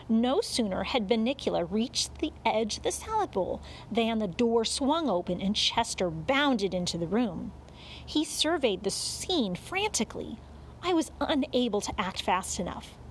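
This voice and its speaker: Lively woman reading a children's audiobook. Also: a little high, measured pace, a little hiss or hum. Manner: expressive storytelling, lively. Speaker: audiobook narrator.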